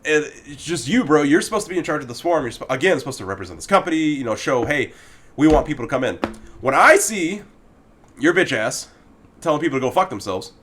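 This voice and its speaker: A man's voice: a little high, lively intonation, quick pace, a bit bright, slight background noise. A man ranting in a video about a game's forum moderator, heated and exasperated, swearing often and addressing the moderator directly. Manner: talks directly to the person he criticizes. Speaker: gaming commentator.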